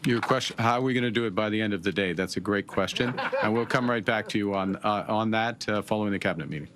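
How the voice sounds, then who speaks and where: A middle-aged man from Canada answering reporters' questions at a press conference, measured and halting, with many pauses and fillers. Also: lowish voice, a crowd in the background. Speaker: prime minister at a press conference.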